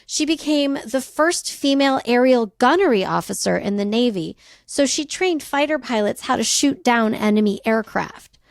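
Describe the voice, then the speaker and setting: A woman's voice: on the high side, lively intonation, normal speed, vocal fry, no room sound, studio quality. A woman co-hosting a podcast, telling a history story in casual chat with slangy, laughing asides. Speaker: podcast co-host.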